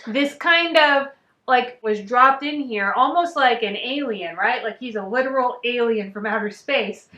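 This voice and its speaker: Co-host, woman, high and bright, giggly, chatty, echoey room. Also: a little slow, lo-fi sound. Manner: giggly, chatty, thinking aloud. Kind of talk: casual reaction chat.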